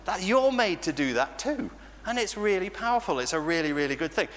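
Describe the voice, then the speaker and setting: A man with an English accent leading an all-age church talk for children, animated and playful, often laughing. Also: sits high, a little fast. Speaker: church leader. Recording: church reverb with faint noise.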